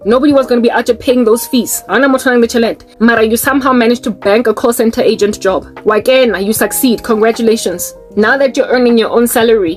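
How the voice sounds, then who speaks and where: A South African woman with a South African accent, delivering an impassioned, scolding commentary monologue and mixing English with local languages. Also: on the high side. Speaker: online preacher and commentator.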